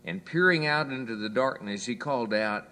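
A man preaching a sermon, telling folksy stories and quoting scripture, dropping low for quiet asides. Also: animated, moderate pace, clear, resonant tone. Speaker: pastor.

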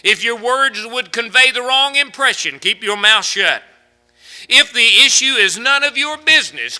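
A man preaching a sermon, his voice high and very bright. He tells jokes and stories between scripture, swinging from loud emphatic lines down to quiet asides. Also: lively intonation, moderate pace. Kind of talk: sermon with humorous anecdotes.

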